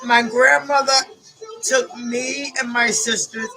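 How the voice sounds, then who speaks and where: Woman, slow emotional storyteller with a bright, forceful tone; halting delivery with repeats over faint music. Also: fairly high pitch, steady tone, low-quality recording. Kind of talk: personal storytelling.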